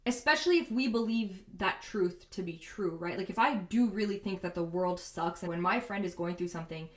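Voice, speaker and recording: A woman's voice: mid-range voice, brisk, reverberant. A woman hosting a self-help talk, speaking casually and candidly with frequent fillers. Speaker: podcast host.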